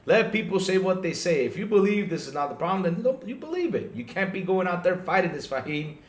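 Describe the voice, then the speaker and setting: A man hosting a casual gaming podcast stream, animated and talking straight to his viewers, often checking in with "right?". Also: high-pitched, a little fast, roomy sound. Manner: animated, talks to chat viewers, lots of "right?" and restarts. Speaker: podcast host. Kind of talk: casual livestream podcast chat.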